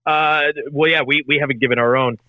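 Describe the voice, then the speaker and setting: A man's voice: fairly high pitch, fairly even intonation, brisk, no room sound. A man co-hosting a casual podcast chat, reading out lists with many hesitations. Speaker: podcast co-host. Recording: tinny phone-like line.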